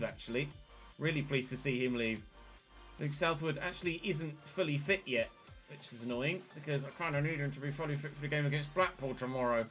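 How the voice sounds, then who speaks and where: Man, gaming commentary, chatty, excitable, bright, faint background music. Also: medium pitch. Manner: chatty, bursts into excited shouts at big moments. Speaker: gaming channel host. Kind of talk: casual game commentary.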